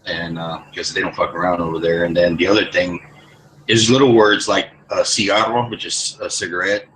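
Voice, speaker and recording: A man's voice: low voice, little pitch movement, a little fast, a bit bright, slight background noise, poor audio. A man in casual group chat, rambling and cursing, with many restarts. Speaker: lobby chat participant.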